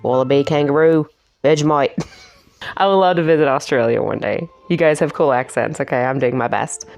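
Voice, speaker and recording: A woman's voice: extremely low pitch, expressive, a little fast, creaky, a little mellow, faint music behind. A woman giving a casual, chatty movie review, self-mocking and laughing at her own jokes.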